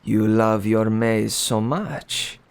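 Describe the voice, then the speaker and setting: A man reading a storybook aloud and voicing a cruel king who speaks slowly and with menace. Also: fairly low pitch, steady tone, creaky, clean tone, exaggerated voice. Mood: cold. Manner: slow, deliberate, menacing. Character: cruel tall king, cold and commanding.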